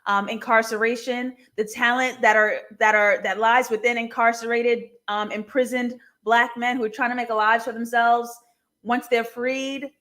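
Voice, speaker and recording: A woman's voice: fairly high pitch, normal speed. Chatty, laughing woman live-streamer. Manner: chatty and animated, laughs often. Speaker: live-stream host reviewing a TV series. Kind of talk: casual live-stream chat, reading viewer comments.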